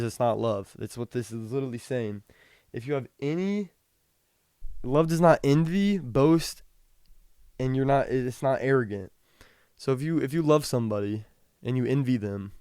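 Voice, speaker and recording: A young man hosting a podcast, talking casually about the Bible, reading scripture slowly and rambling with frequent restarts. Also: mid-range voice, darkish tone, clear, resonant tone, no echo, clean studio sound. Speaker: podcast host. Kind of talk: casual Bible teaching talk.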